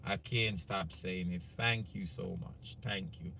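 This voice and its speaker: A Jamaican man hosts a live talk show with a bright, forceful voice. He is chatty and encouraging, with faint room noise behind him. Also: low voice, steady tone, slow pace, gravelly. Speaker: host.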